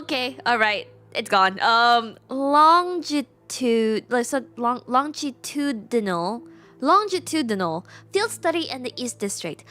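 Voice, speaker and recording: A woman's voice: a little high, big pitch swings, measured pace, a bit bright, soft background music. A young woman streaming a game, chatting casually and reading the story aloud with self-mocking asides.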